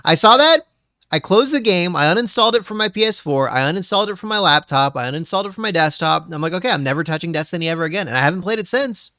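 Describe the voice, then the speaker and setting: Brash animated man, bright voice. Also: high voice, fast, no echo, studio quality. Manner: brash, animated, laughs often. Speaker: VTuber streamer, podcast guest. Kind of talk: casual podcast chat.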